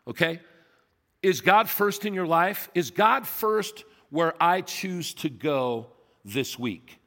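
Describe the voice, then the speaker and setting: Male pastor, sermon, fairly high voice, emphatic, asks the congregation questions, long hall reverb. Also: fairly bright tone. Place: church sanctuary.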